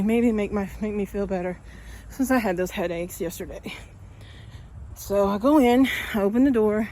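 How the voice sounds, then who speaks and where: Out on a walk, a woman vlogger chats and tells a story, a bit out of breath and getting more worked up as she goes. Her voice sits in the mid range, warm in tone, at a normal speed.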